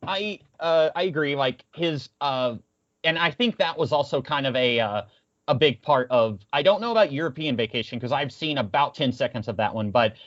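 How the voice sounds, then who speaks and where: A man's voice: mid-range voice, lively intonation, normal speed, a bit bright. Rambling man on a muffled podcast mic. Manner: rambling, lots of fillers and restarts. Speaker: podcast co-host. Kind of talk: casual chat. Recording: muffled lo-fi audio.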